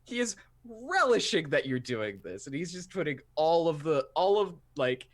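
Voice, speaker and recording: Brief: man, tabletop game master, rambling and playful, animated pitch. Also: normal speed. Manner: laughing, rambling, full of restarts.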